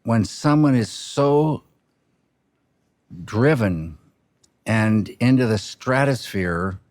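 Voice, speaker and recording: In a studio-quality interview with no echo, a film director speaks reflectively, quietly and haltingly, with many restarts and trailing pauses. His medium-pitched male voice is nonetheless animated.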